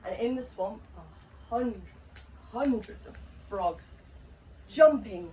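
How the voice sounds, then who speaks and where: A woman telling a story to a live gathering, taking her time and often breaking into laughter mid-sentence. She speaks very slowly and is heard from a distance. Faint noise hangs in the background. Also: medium pitch, expressive, warm tone.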